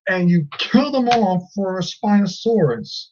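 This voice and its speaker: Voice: mid-range voice, very animated, normal speed, few pauses, darkish tone, muffled recording, a little hiss or hum. A video reviewer in a casual vlog, ranting in an exasperated way with many fillers. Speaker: film reviewer.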